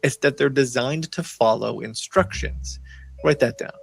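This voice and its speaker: Gravelly-voiced YouTuber, playful tutorial tone. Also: male voice, medium pitch, unhurried, a little hiss or hum. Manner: playful, mock-serious tutorial delivery. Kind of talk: scripted explainer video.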